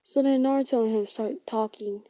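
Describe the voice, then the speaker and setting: A woman's voice: a little high, fairly even intonation, normal speed, dark tone, no room sound. A woman casually retelling a fan-fiction story, rambling, with lots of filler words and frequent self-corrections. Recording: dull lo-fi.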